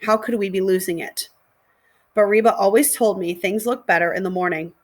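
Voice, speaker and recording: Woman, teacher, read-aloud of a children's novel, steady, clear storytelling. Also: medium pitch, a little fast. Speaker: middle school teacher.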